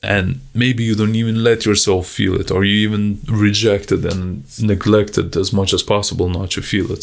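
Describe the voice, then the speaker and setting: A man speaks in a very low, rough voice with a lot of fry. He rambles through a personal video journal in a candid, profane way, correcting himself as he goes and close to tears at moments. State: tearing up. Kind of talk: raw emotional video journal.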